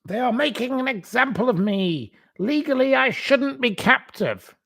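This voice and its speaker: Brief: man doing a melodramatic, self-pitying woman, high and loud, slow and gravelly. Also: animated, exaggerated voice. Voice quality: mocking high put-on voice. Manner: shrill, melodramatic, declaiming. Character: self-pitying, indignant woman demanding justice.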